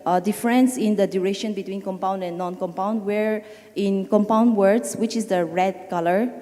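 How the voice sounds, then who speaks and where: A woman presents research at a conference, pausing often and correcting herself as she goes. Her voice is mellow and dark, carried on a long hall reverb. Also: mid-range voice, steady tone. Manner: hesitant, with fillers and self-corrections. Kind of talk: academic conference talk.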